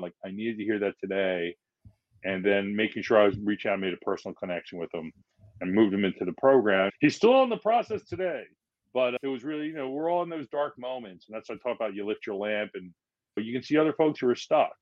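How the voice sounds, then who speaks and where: Philly firefighter guy on a podcast, lowish voice, acts out his stories, kinda muffled dry audio. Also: brisk, no echo. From Philadelphia. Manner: animated, acts out quotes in changing voices. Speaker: guest, firefighter. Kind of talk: casual storytelling in a podcast interview.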